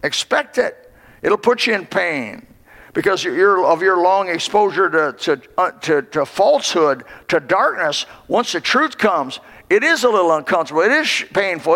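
A male pastor preaches with impassioned, swelling emphasis. His voice sits high for a man and carries a gravelly edge. The long reverb of a church hall rings behind every phrase. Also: big pitch swings, moderate pace, fairly bright tone. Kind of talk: sermon. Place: church sanctuary.

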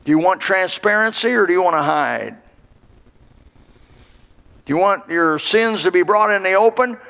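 A man's voice: high-pitched, expressive, normal speed, gravelly, a bit bright, big-room sound. A man preaching a sermon in a church, with impassioned, rising and falling emphasis. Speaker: pastor. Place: church sanctuary.

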